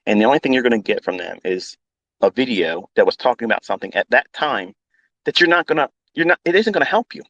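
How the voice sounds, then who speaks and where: A blunt, combative man rants off the cuff about trading and swears freely. He repeats points over and over to hammer them home. His voice sits at an ordinary male pitch and sounds dry and close, with no room around it. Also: animated, fast talker, fairly bright tone, dry recording, lo-fi sound. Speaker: trading educator on a live audio space. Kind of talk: unscripted profane rant.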